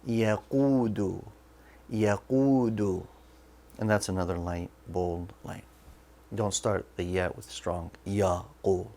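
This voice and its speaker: Male online tutor, low-ish voice, unhurried, patient syllable-by-syllable drilling. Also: level tone, darkish tone. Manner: patient, repeats each word syllable by syllable. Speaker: Arabic teacher. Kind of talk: slow online language lesson.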